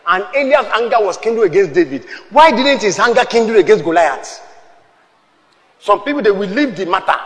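Preaching briskly and with animation, a high-voiced male pastor drives his sermon home, pushing key lines into shouted peaks. Call-and-response fills the service as he has the congregation echo him, each phrase followed by a long reverb.

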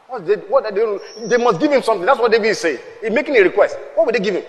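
High-voiced preacher in a reverberant hall. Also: male voice, animated, fast talker, hardly any pauses. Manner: emphatic preaching, shouted peaks, call-and-response. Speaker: pastor. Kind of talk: sermon.

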